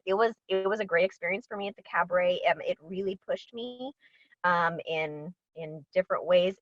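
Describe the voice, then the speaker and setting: A woman's voice: fairly low pitch, a little fast, fairly bright tone, no echo. A woman, an actress, chatting in an interview over a video call, bubbly and full of ums and laughs. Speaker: actress guest. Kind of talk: casual interview chat. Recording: dull, dry lo-fi audio.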